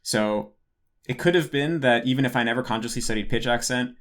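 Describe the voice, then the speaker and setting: A man's voice: mid-range voice, brisk, fairly bright tone. A young man hosting a casual Q&A, talking in a rambling way and often correcting himself. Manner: rambling, self-correcting, many "like" fillers. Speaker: host answering patron questions. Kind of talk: casual Q&A monologue.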